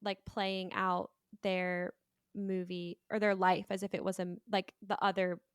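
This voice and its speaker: A woman talks through a film in relaxed podcast chat, her voice smooth and resonant. The sound is dry and close, with no room around her. She strings her thoughts together loosely, peppered with "like.". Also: mid-range voice, unhurried, dry recording. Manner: chatty, heavy use of "like". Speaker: podcast panelist. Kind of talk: casual movie discussion.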